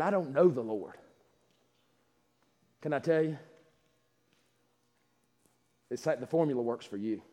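A man preaching a sermon, who swings from loud climaxes to quiet asides and laughs while telling stories. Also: medium pitch. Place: church sanctuary. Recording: long hall reverb.

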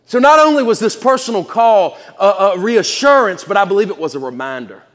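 A man's voice: high-pitched, lively intonation, brisk, a bit bright, long reverb tail. A man preaching a sermon in church, folksy and chatty, laughing often and repeating his words.

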